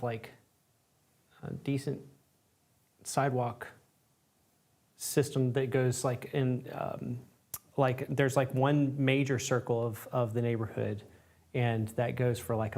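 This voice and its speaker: A man's voice: mid-range voice, steady tone, takes it slowly, pauses often, a little mellow. Casual male painting teacher. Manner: casual, rambling with fillers. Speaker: art instructor and host. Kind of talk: live-stream painting lesson.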